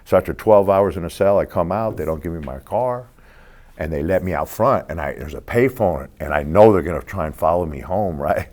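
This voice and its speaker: A man's voice: sits low, fairly quick, a little mellow. A man in his sixties telling street stories in a casual, profane way as an interview guest, acting out the people in them. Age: 60s. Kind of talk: casual storytelling.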